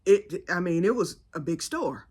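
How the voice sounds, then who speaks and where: A woman's voice: on the low side, expressive, normal speed, darkish tone, slightly rough. A woman hosting her own video channel, telling a story in a chatty way with laughs, often calling her viewers y'all. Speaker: channel host. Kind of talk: casual storytelling vlog.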